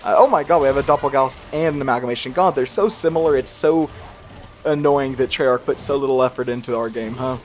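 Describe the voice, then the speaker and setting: With soft music in the background, a young male gaming YouTuber talks briskly in a mid-range voice. His casual commentary on the gameplay wanders and pokes fun at himself, punctuated by laughs, and he tries to keep a slight regional accent hidden.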